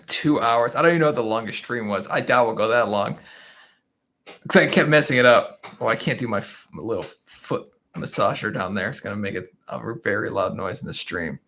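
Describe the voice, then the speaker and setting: A man's voice: on the low side, a little fast, a bit bright. A man hosting a casual livestream, chatting and laughing often as he reads viewer comments. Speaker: livestream host. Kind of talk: casual live chat reading viewer comments. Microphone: desk microphone.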